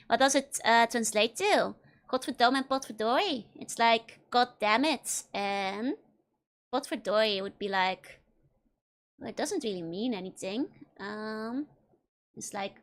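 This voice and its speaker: Young woman, VTuber streamer, fairly high voice, giggly and chatty. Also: slow, long pauses, fairly bright tone. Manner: giggly, laughs often between remarks. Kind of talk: casual let's-play chat with viewers.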